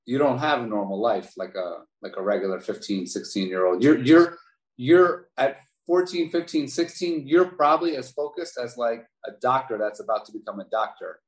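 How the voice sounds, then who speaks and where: A man in his forties from Baltimore, telling stories from his youth as a podcast guest, lively and prone to repeating words. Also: medium pitch, moderate pace. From Baltimore, USA. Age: 40s. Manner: animated storyteller, repeats words. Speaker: podcast guest, former basketball player. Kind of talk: interview storytelling. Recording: roomy echo.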